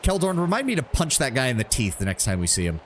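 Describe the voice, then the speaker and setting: Animated man streaming a game. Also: mid-range voice, quick pace, a little hiss or hum. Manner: chatty, animated, joking. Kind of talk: live gameplay commentary.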